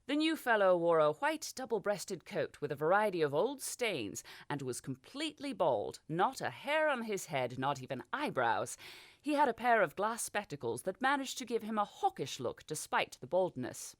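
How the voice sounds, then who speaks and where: A woman's voice: mid-range voice, big pitch swings, moderate pace, no room sound, clean studio sound. A woman reading a fantasy audiobook as narrator, giving the characters small voice shifts. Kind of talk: scripted narration.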